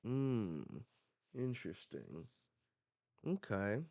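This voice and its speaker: A man's voice: fairly low pitch, big pitch swings, very slow, vocal fry, dark tone, no room sound. A man hosting a live reaction, casually reading a comic aloud, narrating the panels and laughing often. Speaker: manga reaction host.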